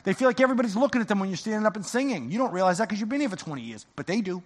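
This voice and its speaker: A man's voice: sits high, expressive, rapid-fire, hardly any pauses. A man preaching an impassioned sermon as pastor in a church sanctuary. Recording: long church reverb.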